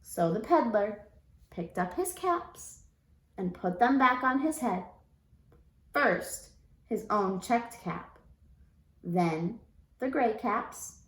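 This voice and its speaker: A female teacher reading a picture book aloud to children, expressive and unhurried, pausing to ask them questions. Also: medium pitch, roomy sound. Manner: expressive, slow storytelling, asks the children questions.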